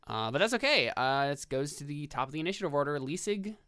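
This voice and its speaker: A man running a tabletop game as game master, explaining rules in a relaxed, rambling way. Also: on the high side, quick pace, slight background noise. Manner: relaxed, filler-heavy explaining.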